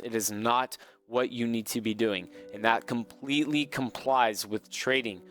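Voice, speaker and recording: A man hosting a live trading stream in a casual, earnest, coaching tone. He talks at an average pitch, circles back to his points and repeats phrases as he speaks. Soft music plays faintly behind him. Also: measured pace. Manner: earnest, motivational, repeats himself.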